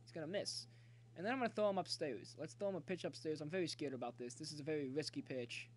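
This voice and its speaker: A man streaming a baseball video game, talking chattily to viewers and yelling excitedly at the plays. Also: on the high side, fast, a little hiss or hum. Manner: excitable, cheers and yells at the game; talkative, jokey banter with viewers. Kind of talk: live gameplay commentary.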